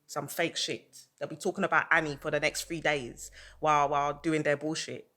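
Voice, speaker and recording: A woman's voice: low-pitched, flat delivery, normal speed, sharp tone. A woman ranting on a livestream, heated and repetitive, hammering her points over and over. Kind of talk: livestream rant.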